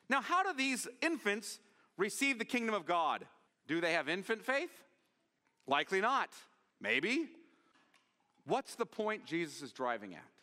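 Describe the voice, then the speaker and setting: Lively bright-voiced male preacher. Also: fairly high pitch, big-room sound. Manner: expository preaching with rhetorical questions and read-aloud scripture. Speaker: pastor. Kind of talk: sermon. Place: church sanctuary.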